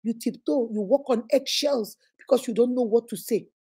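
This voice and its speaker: Nigerian-accented woman, emphatic advice livestream host, warm and fairly high. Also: moderate pace, breathy edge. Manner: emphatic, preachy, addresses viewers directly.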